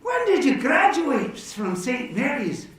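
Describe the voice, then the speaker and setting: A man's voice: very high voice, wildly swooping pitch, takes it slowly, a bit bright, pitched above the performer's own voice, heavily acted. A man voicing a jovial drinker in a bar who keeps raising toasts in an eager, exclaiming way. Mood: cheery. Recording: echoey room from far off.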